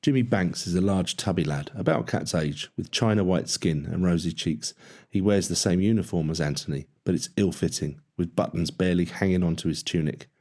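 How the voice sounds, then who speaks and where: A man narrating an audiobook in a steady, measured storytelling voice. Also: deep voice. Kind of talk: scripted narration.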